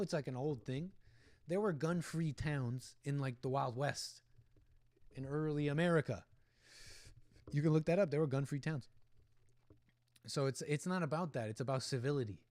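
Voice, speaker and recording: A man's voice: mid-range voice, darkish tone, dry recording. A man hosting a livestream, giving rambling, opinionated commentary on a video clip and talking back at the people in it. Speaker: livestream host.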